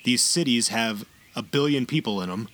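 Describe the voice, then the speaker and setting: A man's voice: mid-range voice, normal speed. A man co-hosting a podcast in casual chat, joking and laughing often. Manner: animated, jokey, laughs often. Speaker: podcast co-host.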